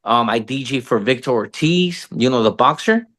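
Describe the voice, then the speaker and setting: A man in his thirties, a podcast guest, telling stories in casual slangy talk full of cursing, calling people "bro" and "fool", and jumping up in pitch to act out the voices of people he quotes. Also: expressive, moderate pace, fairly bright tone. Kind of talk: casual storytelling interview.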